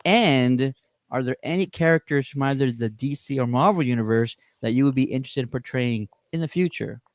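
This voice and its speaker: A man's voice: mid-range voice, brisk, dry recording, clean studio sound. A man hosting a livestream interview, enthusiastic as he reads viewer questions on a video call. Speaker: streaming show co-host.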